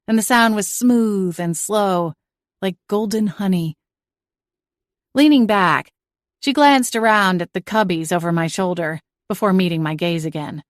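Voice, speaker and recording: A woman reading a first-person audiobook narration in an even, measured storytelling way. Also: fairly low pitch, dry recording, studio quality.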